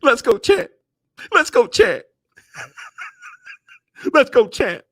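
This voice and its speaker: A man putting on a shrill, sing-song voice to play a heckler mocking a champion. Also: very animated, very slow, sharp tone, exaggerated voice.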